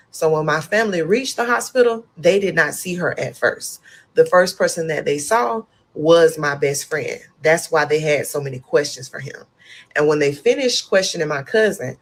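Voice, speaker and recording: A young woman with a somewhat low voice tells her own story straight to the camera. She speaks candidly and acts out the lines she once said. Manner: candid, animated storytelling with vivid retelling. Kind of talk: storytime monologue.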